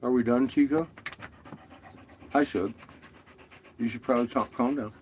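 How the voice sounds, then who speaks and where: A man's voice: medium pitch, steady tone, normal speed. A man chatting playfully with his dogs, laughing, swearing and slipping into baby talk. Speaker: dog owner filming his pets. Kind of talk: casual chat to his dogs. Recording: loud background noise.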